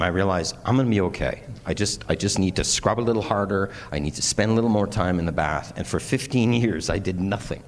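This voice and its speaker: A man giving an earnest, candid conference speech with self-deprecating humor. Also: very deep voice. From Canada. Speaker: conference speaker. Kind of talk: personal keynote speech. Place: large conference hall. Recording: long hall reverb, faint noise.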